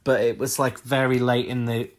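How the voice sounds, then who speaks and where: A man's voice: medium pitch, little pitch movement, normal speed. A man co-hosting a podcast in casual chat, rambling with fillers. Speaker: podcast co-host.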